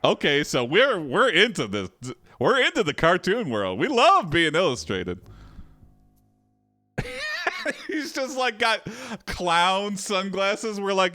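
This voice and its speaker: A man's voice: high-pitched, sing-song, takes it slowly, sharp tone. A man hosting a live stream, reacting to an AI story with jokes and frequent laughter. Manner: joking, reactive, laughs often. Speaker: host and game player. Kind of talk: live-streamed game commentary.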